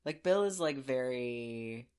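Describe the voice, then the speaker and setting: A man co-hosting a casual podcast about a book, talking quickly and animatedly with sarcastic asides and casual swearing. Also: mid-range voice, lively intonation, darkish tone, clear, resonant tone. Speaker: podcast co-host.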